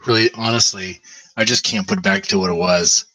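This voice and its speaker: A man talks loosely and at length on his own live stream, swearing freely as he rambles. His voice sits a bit low and sounds husky, with a bright, forceful edge, and the recording is dry and close. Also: fairly even intonation, brisk, recorded from a distance, low-quality recording. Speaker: livestream host. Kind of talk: casual chat.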